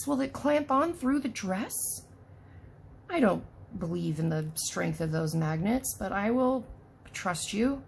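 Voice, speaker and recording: Gravelly-voiced woman chatting through an unboxing. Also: lowish voice, expressive, measured pace, a little mellow, slight background noise. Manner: chatty, talks to the doll, self-deprecating. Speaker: unboxing vlogger. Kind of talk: casual unboxing chat.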